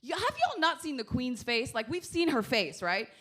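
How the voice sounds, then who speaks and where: A woman doing stand-up comedy, telling stories in a brash, profane, animated way. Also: high voice, moderate pace.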